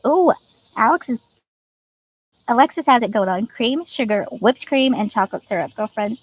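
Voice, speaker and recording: A woman's voice: fairly high pitch, animated, moderate pace, slightly rough, poor audio. A woman hosting a casual livestream, reading out viewer comments with lots of giggling and playful teasing. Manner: giggly, chatty, reads comments aloud and teases viewers. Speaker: livestream host.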